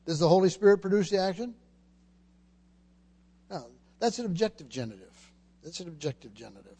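High-voiced man preaching a sermon. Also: very animated, a little fast, dark tone, husky. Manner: emphatic, repeats words while teaching; asks the congregation questions.

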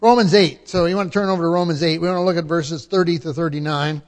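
Male pastor, high-pitched, emphatic expository preacher who repeats phrases; long hall reverb. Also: steady tone, fast talker. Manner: emphatic, repeats key phrases, frequent restarts. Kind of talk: expository sermon.

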